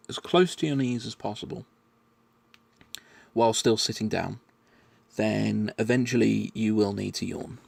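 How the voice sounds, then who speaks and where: A man explaining his answers in a measured, patient monologue, often restarting his phrases. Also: medium pitch, creaky, husky, no room sound. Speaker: vlogger answering questions.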